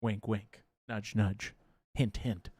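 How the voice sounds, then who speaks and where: A man's voice: lowish voice, flat delivery, slow, warm tone, slightly rough. A man co-hosting a casual livestream and reading viewer chat aloud, playful and jokey with goofy asides.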